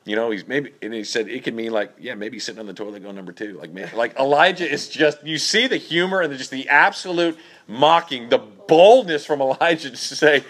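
A man teaching a casual Bible study, animated and joking as he explains the passage. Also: medium pitch, moderate pace.

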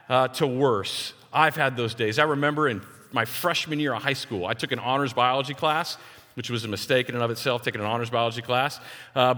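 A man in his forties from Texas, preaching a sermon and telling personal stories, acting out the voices of the people in them. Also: fairly high pitch. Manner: animated storyteller who acts out other people's voices. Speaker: pastor. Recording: long hall reverb.

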